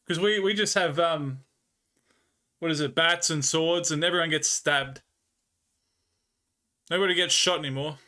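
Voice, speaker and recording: A man's voice: fairly high pitch, unhurried, long pauses, pushed and bright. A man with an Australian accent chatting with viewers on a live stream, telling rambling stories and laughing often. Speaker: livestreamer. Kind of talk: casual chat with viewers.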